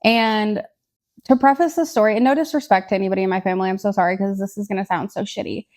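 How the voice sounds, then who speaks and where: A woman, a podcast co-host telling personal stories in casual chat, blunt and candid with dark humor. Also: medium pitch, quick pace. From Tennessee, USA. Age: 20s.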